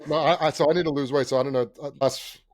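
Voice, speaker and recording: A man's voice: on the high side, fairly even intonation, fast talker, no echo. A man co-hosting a casual podcast, swinging his voice up and down as he tells a story and acts out the people in it. He swears freely and laughs through his telling. The sound is close and dry, with no room around it. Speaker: podcast co-host.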